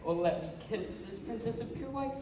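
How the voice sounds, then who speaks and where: A woman's voice: on the high side, lively intonation, brisk, close to an everyday voice. A young woman playing Demetrius, a proud young suitor. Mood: adoring. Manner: declaiming verse. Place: school auditorium stage. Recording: echoey hall from far off, noisy.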